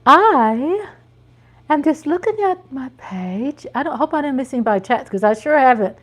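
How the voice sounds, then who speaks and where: A woman's voice: high voice, lively intonation, moderate pace, fairly bright tone. A middle-aged woman from Texas with a Texan accent, hosting a casual live chat and talking folksy and chatty straight to her viewers. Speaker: livestream host.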